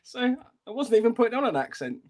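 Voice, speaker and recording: A man's voice: very high voice, big pitch swings, fast, a little mellow. A man from England co-hosting a casual podcast, laughing often and reading listener comments aloud. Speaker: podcast co-host.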